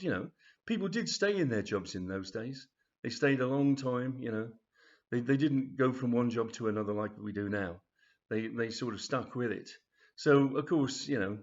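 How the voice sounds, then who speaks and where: A man's voice: medium pitch, dull audio. A man telling a comic story in a rambling, chatty way with many fillers. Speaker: author reading his story. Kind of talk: storytelling reading.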